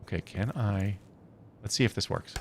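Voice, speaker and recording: A man's voice: on the low side, normal speed, a little hiss or hum. A man live-streaming a building game, chatting casually and thinking aloud with many hesitant self-corrections.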